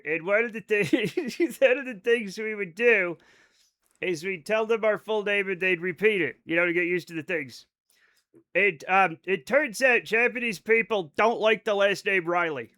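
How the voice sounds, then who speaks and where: A man streaming a game live, talking in a high voice with a bright, forceful edge. He rambles and jokes loosely, swearing freely as he chats to his viewers. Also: moderate pace. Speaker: livestreaming gamer. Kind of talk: casual live-stream chat.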